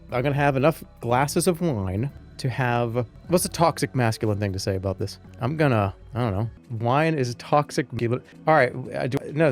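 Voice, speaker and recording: A man in his thirties chatting casually to viewers on a livestream, joking and rambling with sudden loud outbursts. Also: medium pitch. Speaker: streamer.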